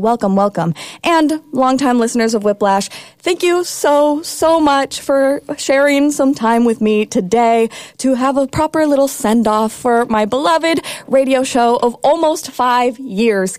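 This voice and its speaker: A woman's voice: high-pitched, no echo. A young woman in her twenties hosting her college radio show, talking in a bubbly, emotional, rambling way. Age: 20s. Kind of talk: casual radio talk. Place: radio studio.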